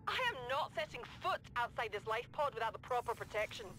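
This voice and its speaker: A woman's voice: on the high side, lively intonation, a little fast, a bit bright, slight background noise. An actress voicing a demanding, scared woman stranded after a crash, heard through a game audio log. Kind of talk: game voice acting.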